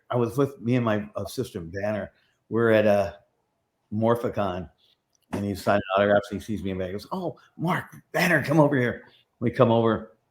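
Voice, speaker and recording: A middle-aged man, a prop master, rambling through casual stories in an interview and acting out the voices of people he quotes. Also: mid-range voice.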